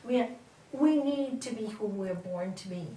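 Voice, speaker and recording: A middle-aged woman giving an animated spiritual talk to an audience as a yoga teacher, asking questions and laughing often. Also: medium pitch, moderate pace, slight background noise. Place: lecture hall. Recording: roomy hall from far off.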